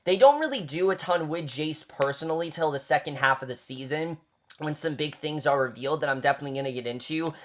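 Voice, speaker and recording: A man's voice: on the high side, expressive, fast talker. A man giving a casual, chatty review of a TV season, talking off the cuff with lots of fillers and repeated phrases.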